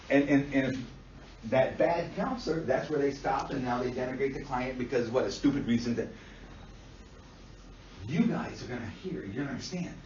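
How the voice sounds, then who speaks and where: A man teaching a class, blunt and animated, swearing freely and acting out what clients say. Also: medium pitch, fairly quick, a little hiss or hum. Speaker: instructor. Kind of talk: classroom lecture. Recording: far-off echoey lo-fi classroom recording.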